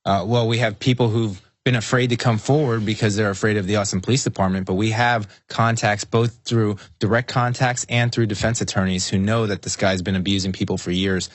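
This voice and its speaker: Earnest low-voiced male radio guest. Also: fairly even intonation, brisk, hardly any pauses, no room sound. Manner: earnest, indignant. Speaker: guest activist. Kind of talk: talk radio interview.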